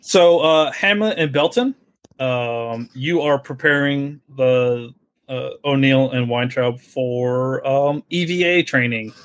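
A man's voice: mid-range voice, slow pace. A man running a tabletop horror game as game master, talking loosely with many fillers and restarts.

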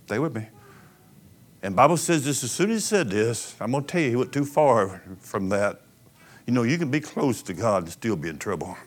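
A man preaching a sermon, telling a story as he swings from hushed to loud. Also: mid-range voice, lively intonation, normal speed. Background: piano music.

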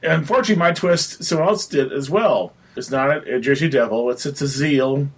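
A man on a podcast pitching a horror game scenario in casual, rambling chat with frequent restarts. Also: a little fast, slightly rough. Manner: rambling, many restarts, chatty.

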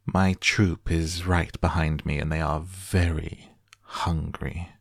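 A man's voice: a bass voice, level tone, slow, vocal fry, dry recording, studio quality, exaggerated voice. A man voicing a scheming villainous count with a scratchy, theatrical, bullying way of speaking in an audiobook. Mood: menacing. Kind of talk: audiobook character voice.

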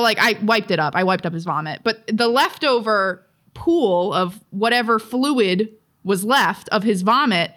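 A young woman co-hosting a podcast in casual chat, animated and exaggerated, swearing freely as she tells a story. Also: fairly high pitch. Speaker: podcast co-host.

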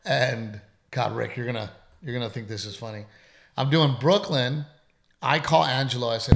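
Middle-aged male comedian, gravelly voice, candid and emphatic, swears a lot. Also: mid-range voice, fairly even intonation, normal speed. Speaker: comedian and podcast co-host. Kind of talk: casual storytelling chat.

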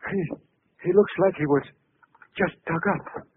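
A jittery henchman, slightly high voice, tinny radio sound with faint hiss. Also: measured pace. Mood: nervous. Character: nervous male gang henchman. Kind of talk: 1940s radio acting.

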